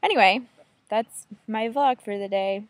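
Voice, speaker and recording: A woman's voice: medium pitch, measured pace, no echo. A woman in her twenties talking casually to camera in a vlog, chatty and enthusiastic, often laughing. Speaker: book vlogger.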